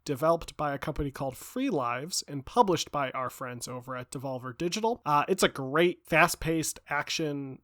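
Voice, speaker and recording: Man, podcast co-host, slightly high, sing-songy, dry close sound. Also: moderate pace, hardly any pauses, a bit bright, no room sound. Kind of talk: casual podcast chat.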